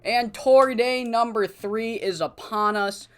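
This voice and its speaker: A casual game commentator narrating a wrestling sim save, excitable and swearing freely while paraphrasing characters' promos. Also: medium pitch, slow pace, smooth, soft background music.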